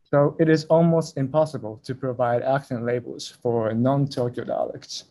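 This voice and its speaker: A man's voice: medium pitch, moderate pace, dark tone. A young man presenting a research talk at a conference over a video call, speaking carefully and a little hesitantly.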